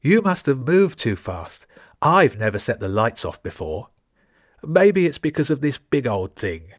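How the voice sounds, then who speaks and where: A man's voice: medium pitch, very animated, unhurried, dry recording, clean studio sound, pitched above the performer's own voice. A man voicing a hulking Russian teenage bully with a put-on Russian accent. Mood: puzzled. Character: hulking Russian teen boy, swaggering bully.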